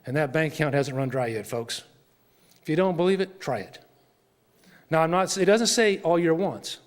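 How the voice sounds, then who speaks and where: A man's voice: on the high side, animated, normal speed. Older man telling a mission story in church. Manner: earnest, emphatic storytelling. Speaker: missionary speaker. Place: church sanctuary. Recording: long church reverb.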